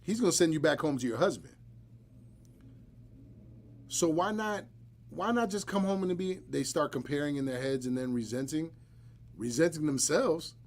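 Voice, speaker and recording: Gravelly-voiced joking podcast host man. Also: a little high, moderate pace, long pauses. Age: adult, married. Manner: blunt, joking, animated storytelling. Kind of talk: casual podcast chat.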